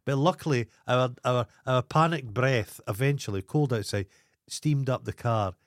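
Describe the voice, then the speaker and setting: A man's voice: medium pitch, normal speed, no room sound. Blunt Scottish man with a dry voice. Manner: blunt, crude banter. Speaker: podcast co-host. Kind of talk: casual chat.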